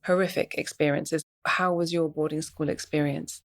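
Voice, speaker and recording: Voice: medium pitch, steady tone, moderate pace. An interview host asking short questions and prompting the guest to tell his stories.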